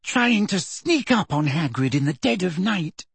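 A man's voice: on the high side, very animated, measured pace, breathy edge, no room sound, exaggerated voice. Man doing Hermione, an earnest teenage girl. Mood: furious. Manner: shaky, tearful and bitter.

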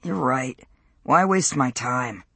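A reader voicing a cruel, sneering teenage boy who bullies a classmate, in a low mocking voice. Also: expressive, slow, creaky, pushed and bright, breathy edge, no echo, exaggerated voice. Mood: dismissive.

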